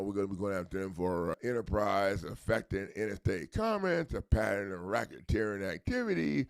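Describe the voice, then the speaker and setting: Gravelly guy on a livestream, rants loud then mumbles low, dry close mic. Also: dry recording. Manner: animated, swings between loud outbursts and low mutters. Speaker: host selling legal packets. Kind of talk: rambling live stream talk.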